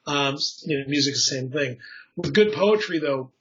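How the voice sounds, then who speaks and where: A man's voice: on the high side, expressive, moderate pace. A man with a somewhat raised voice chats about poetry in a loose, rambling way, full of fillers and restarts. He chuckles at his own slips and drifts into tangents. The sound is a bit dull and lo-fi. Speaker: poetry enthusiast explaining craft. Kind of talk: casual conversational explanation.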